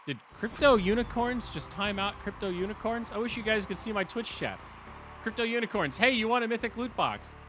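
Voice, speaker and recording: A man hosting a game stream, chatting casually and excitably, swearing and laughing at his losses. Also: high voice, brisk, over music. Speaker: stream host and commentator.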